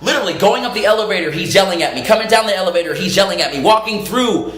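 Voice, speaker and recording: Animated, profane storyteller in a roomy echo. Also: medium pitch, rapid-fire. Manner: animated, profane, laughs often mid-story. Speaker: vlogger telling a story. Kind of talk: casual storytelling vlog.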